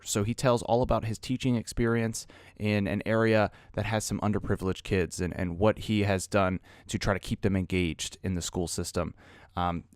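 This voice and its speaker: A man hosting a podcast, introducing his guest in an easygoing, relaxed way with a few fillers. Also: fairly low pitch, no room sound, clean studio sound. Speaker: podcast host. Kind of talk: casual interview intro.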